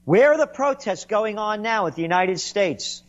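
A man on a sarcastic political rant, his voice sitting a little high and swooping all over the place. He sounds mocking and indignant, and the recording is dull and lo-fi. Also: animated, moderate pace. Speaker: commentator.

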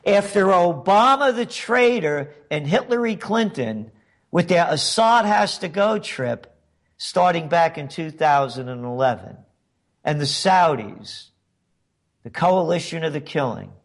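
Male commentary host, slightly high-pitched, slow and deliberate, sarcastic and emphatic. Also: lively intonation. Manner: sarcastic, emphatic, rhetorical questions. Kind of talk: political opinion monologue.

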